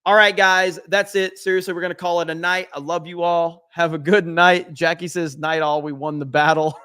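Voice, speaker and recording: A man hosts a late-night livestream, reading chat messages aloud and riffing on them with loose, profane jokes. His voice sits a little high for a man. It is close and dry, with almost no room sound. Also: fairly even intonation, normal speed, sharp tone, clean tone, no room sound. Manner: reads viewer messages aloud, joking and profane. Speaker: livestream host.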